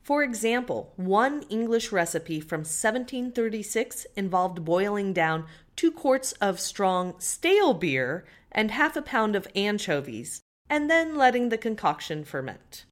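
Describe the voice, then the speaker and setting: Delivering her scripted lines on a food history podcast, this co-host sounds matter-of-fact yet very animated, with a mid-range voice that moves a little slowly and hardly pauses. Faint music runs beneath her.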